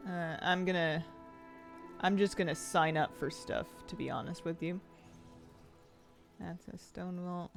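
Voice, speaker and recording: A woman's voice: on the low side, steady tone, unhurried, gravelly, long pauses, soft background music. A woman streamer chatting casually while she plays, rambling and thinking aloud with easy laughs. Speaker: game streamer. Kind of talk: casual live-stream chat while gaming.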